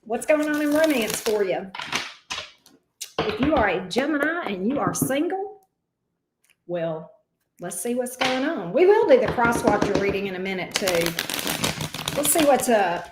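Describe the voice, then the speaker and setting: A woman's voice: a little high, very animated, unhurried, long pauses, heavy background noise. A woman giving a live tarot reading, chatting with viewers in an exclamatory, teasing way and swearing casually. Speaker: tarot reader. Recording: echoey room.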